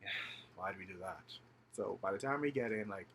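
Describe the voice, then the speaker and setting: A man's voice: sits low, a little fast, slight background noise. A young man casually telling a story to camera, full of fillers and slang, acting out the people he quotes. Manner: animated, acts out the people he quotes; filler-heavy slangy chatter, swears freely. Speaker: vlogger.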